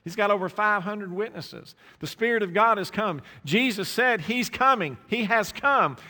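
A man's voice: high voice, moderate pace, bright, forceful tone, big-room sound. A man preaching a sermon to his congregation, putting rhetorical questions to the listeners. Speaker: pastor. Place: church sanctuary.

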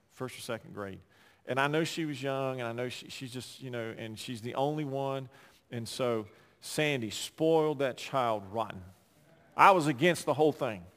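A man pastor preaching a sermon, swinging between loud emphatic passages and quiet, conversational asides. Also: medium pitch, big-room sound.

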